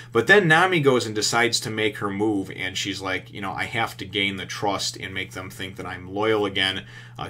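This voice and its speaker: A man's voice: on the low side, pushed and bright. A man casually recapping a comic chapter in a rambling, profane way, full of fillers. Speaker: manga reviewer.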